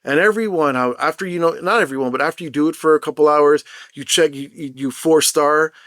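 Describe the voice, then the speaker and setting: A young man ranting in an unscripted vlog, telling his story in a rambling, animated and profane way. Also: on the high side, brisk, dry recording, studio quality. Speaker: mobile game content creator.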